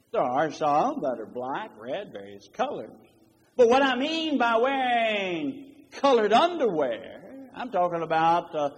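A man preaching a sermon, emphatic and deliberate, quoting scripture in old-fashioned wording. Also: on the high side, slightly rough. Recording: long reverb of a large hall.

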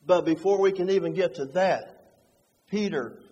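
A man preaching a sermon, moving between hushed, slow passages and fervent, rising ones. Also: high-pitched, dull audio. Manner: dynamic, swings from hushed to fervent. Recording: long hall reverb.

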